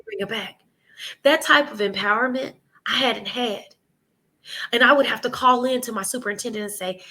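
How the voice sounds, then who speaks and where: A woman, talking in a casual interview with a bright, forceful tone and a voice that sits a little high. She tells her story with animation and often slips into the voices of people she quotes. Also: moderate pace. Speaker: preschool owner and guest. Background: children nearby at home.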